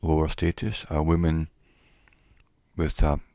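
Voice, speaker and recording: A man giving an educational talk in a measured, reflective way, pausing often between phrases. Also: very deep voice, monotone, warm tone, no room sound, studio quality. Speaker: teacher. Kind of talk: educational monologue.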